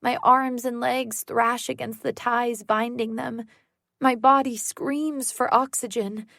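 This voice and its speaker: Slow, tense woman narrator. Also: fairly high pitch, fairly even intonation, creaky, a bit bright, no echo, clean studio sound. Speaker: audiobook narrator. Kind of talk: first-person thriller narration.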